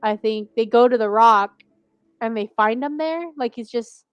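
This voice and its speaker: A woman co-hosting a casual TV recap podcast, rambling and animated, saying "like" constantly and laughing often. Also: a little high, normal speed, clear, resonant tone, no echo, highs cut off. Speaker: podcast co-host.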